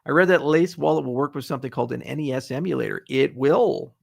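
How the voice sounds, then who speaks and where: Gravelly, blunt, profane middle-aged man. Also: medium pitch, quick pace. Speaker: host. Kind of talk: livestream Q&A, casual chat.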